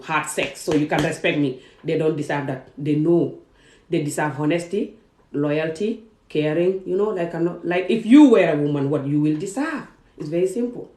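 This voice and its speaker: A woman's voice: low-pitched, dark tone. A woman from Gambia and Senegal giving an emphatic personal vlog monologue, repeating words for stress. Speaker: vlogger. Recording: roomy echo.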